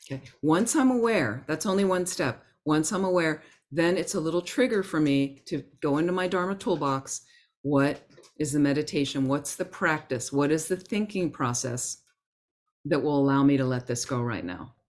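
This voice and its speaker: Woman, Buddhist teacher, Dharma talk, low voice, gentle conversational manner. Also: lively intonation, moderate pace. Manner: conversational, gentle, acts out inner thoughts.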